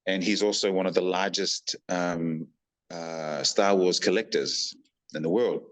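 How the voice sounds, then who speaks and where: A man's voice: low voice, unhurried, poor audio. A man with a New Zealand accent, a podcast guest telling casual stories and acting out the people in them. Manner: animated, acts out quoted people in lively voices. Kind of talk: casual storytelling.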